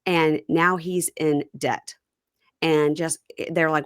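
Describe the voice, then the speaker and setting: A woman's voice: low voice, fairly even intonation, measured pace, clear, resonant tone, no room sound, studio quality. A woman co-hosting a podcast, chatting casually as she retells a reality show episode. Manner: chatty storyteller, acts out quotes. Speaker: podcast co-host. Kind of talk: casual recap chat.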